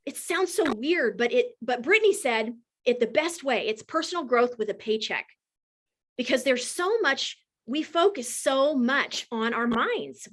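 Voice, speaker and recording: A woman speaks to an audience as a team leader. Her voice sits fairly high, and she tells her story with open feeling and lively swings of tone. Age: 40s. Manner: warm, emotional, animated storyteller. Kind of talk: heartfelt casual talk to an audience.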